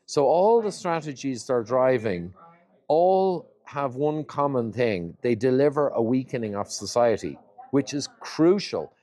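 A man's voice: medium pitch, expressive, a little slow, dark tone. A man speaking as an interview guest, laying out his points one by one in an emphatic, list-like way. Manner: lays out points in lists, emphatic. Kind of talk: interview conversation.

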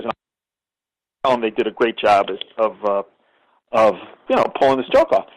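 A man's voice: mid-range voice, lively intonation, normal speed, pauses often, poor audio. An older man speaking as an interview guest, emphatic and given to repeating words as he starts his sentences. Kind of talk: conversational interview storytelling.

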